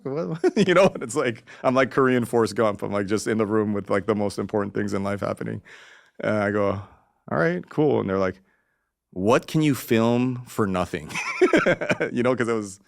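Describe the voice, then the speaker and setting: Podcast guest: a man in his forties, low gravelly voice, rambling and profane, close and dry. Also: dry recording. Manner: rambling, profane, acts out quotes in raised voice. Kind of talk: casual storytelling interview.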